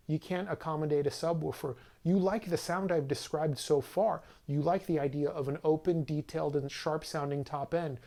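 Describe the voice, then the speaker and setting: An audio equipment reviewer gives a casual product review to camera, talking loosely with frequent fillers and restarts. His slightly high voice is gravelly and warm.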